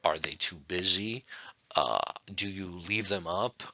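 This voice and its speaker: A man's voice: deep voice, slow pace, bright, forceful tone, no room sound, lo-fi sound. A man teaching a speech class in a recorded online lecture, conversational and full of rhetorical questions. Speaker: speech instructor.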